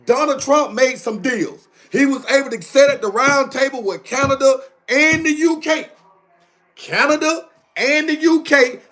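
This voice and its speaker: A man's voice: extremely high pitch, fairly bright tone. Fired-up man ranting on a livestream. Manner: fired-up, repetitive, addresses viewers directly. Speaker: livestream host. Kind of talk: casual livestream rant. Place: indoors at home on camera.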